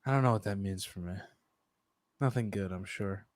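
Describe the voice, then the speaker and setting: A man in a casual podcast chat, jokey and self-deprecating, trailing off quietly at the ends of lines. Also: sits low, normal speed, dry recording.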